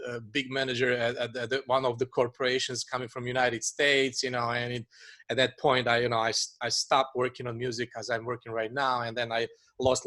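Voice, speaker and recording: Man, casual interview guest, halting delivery, lots of "you know". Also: mid-range voice, fairly bright tone. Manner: halting, repeats words, many "you know" fillers. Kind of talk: casual chat.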